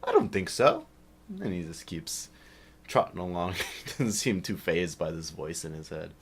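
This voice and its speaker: A man narrating as game master of a tabletop game, talking in a relaxed way and laughing often. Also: low-pitched, normal speed, breathy edge.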